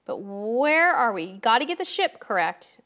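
A woman's voice: fairly high pitch, big pitch swings, measured pace, a bit bright. A woman hosting a live-stream quiz, chatting upbeat and directly to her viewers, a bit tired. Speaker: livestream host. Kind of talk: casual live-stream chat.

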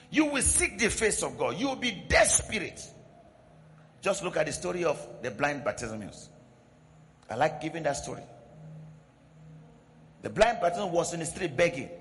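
A man's voice: fairly high pitch, a bit bright, a little hiss or hum. A man preaching a sermon as pastor, building in intensity with pidgin asides. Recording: long hall reverb.

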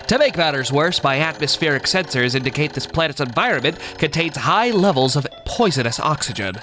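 A man's voice: fairly high pitch, lightly acted. A man voicing a stranded, big-nosed male space captain in a nerdy, earnest way, reading the game's log aloud.

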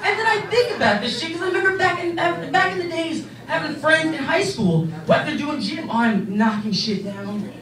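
A young man doing a stand-up set on a club stage, rambling and profane with animated asides. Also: very high-pitched, fairly quick, hardly any pauses, far from the mic. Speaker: stand-up comedian. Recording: echoey room from afar, crowd.

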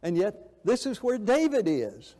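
Male preacher, fairly high voice, impassioned sermon delivery, long church reverb. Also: wildly swooping pitch, measured pace, dark tone. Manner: impassioned, with repeated words and restarts. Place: church sanctuary. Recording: echoey church hall.

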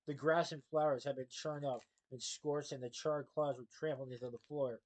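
Man reading a storybook aloud, middle pitch. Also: steady tone, normal speed, darkish tone, rough recording. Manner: plain, with small slips and self-corrections. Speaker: storybook reader.

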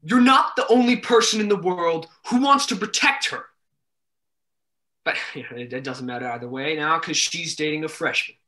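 A young man playing a flustered high school jock boyfriend on stage, stammering defensively. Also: normal speed, pushed and bright. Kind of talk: stage play acting.

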